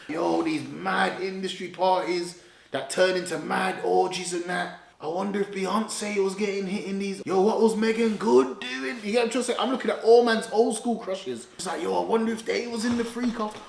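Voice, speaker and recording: A young man giving casual, slang-heavy commentary, animated and laughing, with loud bursts and low asides. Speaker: online commentator. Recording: roomy echo.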